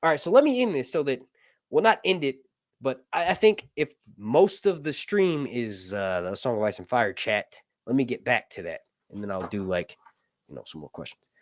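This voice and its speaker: A man's voice: mid-range voice, big pitch swings, normal speed, no echo, studio quality. A man hosting a casual livestream chat, rambling and joking, often cutting himself off mid-sentence and swearing offhandedly. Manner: rambling, self-interrupting, joking. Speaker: YouTube channel host.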